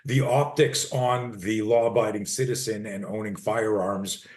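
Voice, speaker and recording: A man's voice: lowish voice, fairly even intonation, unhurried, a little mellow. A man in his sixties, a personal defense coach, talks bluntly and emphatically in an interview, acting out short role-play scenes as he teaches. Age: 60s. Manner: blunt, emphatic, swears freely.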